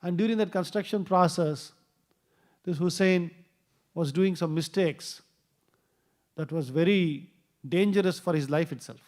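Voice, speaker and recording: A man tells a scripture story in a temple class. His voice sits fairly high, and it lifts when he acts out the characters' lines. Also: measured pace, long pauses, darkish tone. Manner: storytelling, acts out quoted dialogue with rising voice. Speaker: temple speaker. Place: temple hall.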